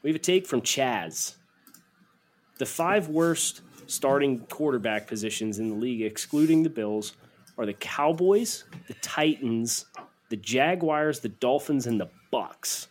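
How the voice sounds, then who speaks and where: A man's voice: medium pitch, expressive, unhurried, a little hiss or hum. A man co-hosting a casual sports podcast, reading listener takes and teasing his co-host.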